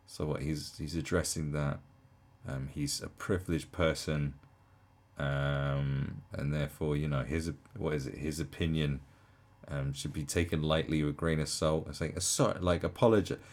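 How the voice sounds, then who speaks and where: Gravelly low-voiced man, mocking. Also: fairly even intonation, moderate pace, a little mellow. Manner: incredulous and mocking, with frequent laughter. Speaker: commentator reacting to a video. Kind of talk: casual reaction commentary.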